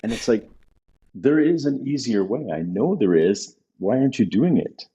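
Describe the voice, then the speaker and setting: Very animated and speaking at normal speed, this male business consultant has a medium-pitched voice that is dark and slightly rough, captured with lo-fi sound. As a podcast guest in a relaxed interview, he drives his points home emphatically and says them again for stress.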